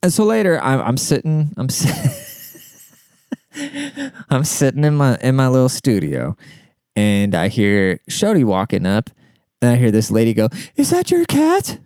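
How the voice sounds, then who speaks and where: Man, podcast host, casual rambling monologue, swears freely, smooth voice, mid pitch. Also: very animated, a little slow, long pauses, a little mellow, no room sound, clean studio sound. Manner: rambling, profane, with frequent fillers and asides. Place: outdoors.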